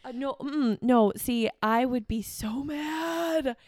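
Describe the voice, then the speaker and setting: Southern American woman, guest, high pitched, playful. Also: takes it slowly, a little mellow. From Southern United States. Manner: playful, laughs often. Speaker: podcast guest. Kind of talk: casual chat.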